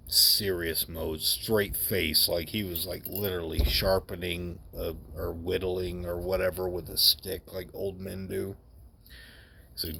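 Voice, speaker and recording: A man telling a personal story in a candid, wry, unhurried way. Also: sits low, steady tone, gravelly, pushed and bright, slight background noise.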